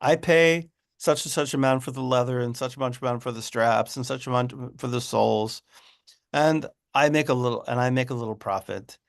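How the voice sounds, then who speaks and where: A man's voice: mid-range voice, normal speed, creaky, close to an everyday voice. A man voicing a proud, cheerful shoemaker from a folk story, fond and unbothered by his modest work. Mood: content. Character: cheerful proud old-world male shoemaker.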